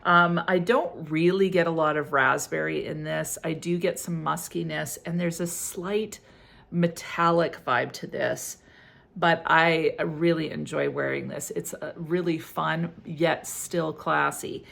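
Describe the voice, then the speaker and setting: Brief: middle-aged woman, relaxed review chatter, slightly low, gravelly fry, giggly and effusive. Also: measured pace. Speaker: fragrance reviewer. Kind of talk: casual product review.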